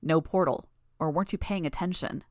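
Woman reading a smug calm guy, lowish voice, totally unbothered. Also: fairly quick, no room sound, studio quality, natural voice. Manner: smug, dismissive. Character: smug man, calm and unfazed.

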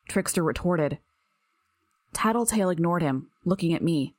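A woman with a low voice narrates an audiobook in the first person at a normal speed. The recording is dry, with clean studio sound.

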